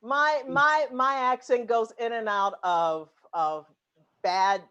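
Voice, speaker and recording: A woman's voice: on the high side, takes it slowly, sharp tone, smooth, lo-fi sound. A woman hosting an online improv show over a video call, bubbly and laughing often. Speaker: improv host.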